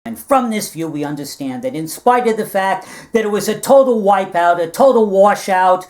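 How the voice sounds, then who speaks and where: A woman playing a long-winded schemer who lectures and keeps adding "all right?", in a low-budget comedy film. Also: expressive, normal speed, darkish tone, lightly acted. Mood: scheming. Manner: rambling, lecturing, with many "all right?" asides.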